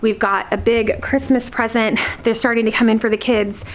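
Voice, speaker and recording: A woman in her thirties chatting casually to her viewers from her home, friendly and talkative, sometimes cooing at her cat in a high voice. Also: little pitch movement, moderate pace. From Alaska. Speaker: homestead vlogger. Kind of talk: casual vlog chat to viewers. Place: at home indoors.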